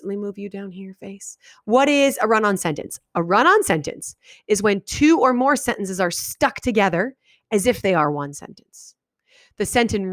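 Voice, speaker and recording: A woman teacher giving a video lesson to her students, talking animatedly and reading example sentences aloud with big exaggerated pauses. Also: mid-range voice, no room sound, clean studio sound. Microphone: webcam microphone.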